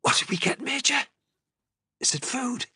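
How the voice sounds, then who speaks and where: A man voicing a badly wounded young male cadet officer who shrieks in pain, his voice high and strained. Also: slow pace, a bit bright, breathy edge, no room sound, clean studio sound, heavily acted. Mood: weak, faint.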